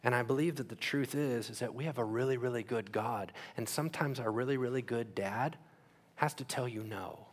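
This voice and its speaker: A man preaching a sermon as pastor, asking the crowd questions and acting out quick voices. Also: medium pitch.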